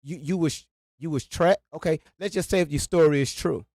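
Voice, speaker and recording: A man co-hosting a reaction stream, angry and profane, hammering his points by repeating them. His voice is fairly high for a man. The sound is dry and close. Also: fairly quick, darkish tone, no room sound. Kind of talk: heated reaction commentary.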